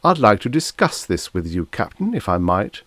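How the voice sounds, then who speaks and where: A courteous, good-natured alien creature that talks in formal, well-mannered phrases, read by a man. The voice is pitched a little above a deep natural register and sounds close and dry. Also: sing-song, moderate pace, fairly bright tone, dry recording. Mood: genteel.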